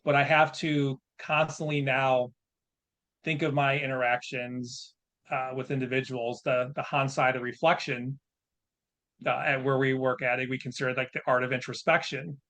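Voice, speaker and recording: A man in his fifties speaks as a podcast guest, frank and plain-spoken. His voice sits at an ordinary middle pitch. He tells his story with candid self-reflection. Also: flat delivery, moderate pace, fairly bright tone.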